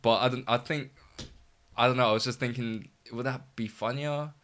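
A man reading his script aloud nervously, with many halting restarts, then chatting casually about it. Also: medium pitch, fairly even intonation, fairly bright tone.

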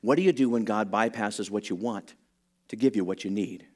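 In a husky, fairly low voice at normal speed, a male pastor preaches and spins a lively, humorous tale. He performs the different characters' voices and slips in comic asides along the way.

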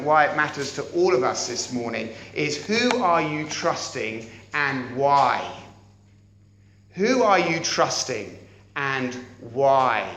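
A male pastor preaches in a slightly high voice, asking the congregation rhetorical questions. He swings between loud and hushed delivery. The sound rings around a very echoey church hall with faint background noise. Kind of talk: sermon.

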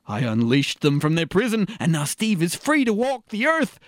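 A man's voice: high voice, huge pitch swings, moderate pace, no echo, studio quality. A man playing the dungeon master in a scripted comedy sketch, rambling in a pompous, mock-scholarly way. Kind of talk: scripted comedy role-play.

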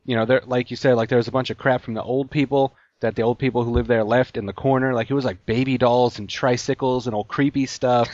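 A man's voice: medium pitch, steady tone, quick pace, few pauses, a little mellow, dry recording. A man telling a long story in casual chat, rambling with lots of "like" fillers. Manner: rambling, heavy use of "like". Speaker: podcast co-host telling a story. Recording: dull lo-fi sound.

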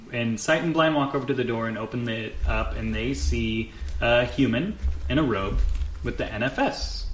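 A man's voice: on the low side, roomy sound, slight background noise. A man narrating a tabletop game as game master, in a casual, filler-heavy way.

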